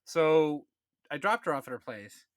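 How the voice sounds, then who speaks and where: A man's voice: a little high, expressive, unhurried, no echo, clean studio sound. A man in his thirties co-hosting a podcast, telling a story in a rambling casual way, full of fillers and acted-out quotes. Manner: rambling, many "like"s, acts out quotes. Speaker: podcast co-host.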